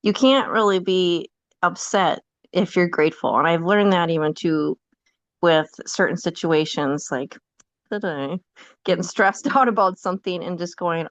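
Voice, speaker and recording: A woman's voice: lowish voice, measured pace, no echo, highs cut off. A woman podcast guest in casual chat, telling a personal story candidly and often laughing.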